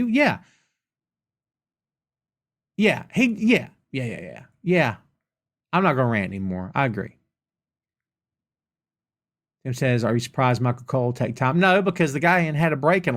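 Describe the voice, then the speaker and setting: A man with a Southern US accent hosting a live question-and-answer podcast. He rants emphatically and casually, repeating lines for effect. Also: mid-range voice. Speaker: podcast host.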